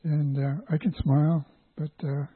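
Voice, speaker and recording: An older man with a husky, breathy voice gives a halting personal testimony, stopping and restarting as he goes. The sound is tinny and narrow, like a phone line, and dry with no room around it. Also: fairly high pitch, little pitch movement, no echo. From Canada, Vancouver Island. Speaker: church guest giving testimony.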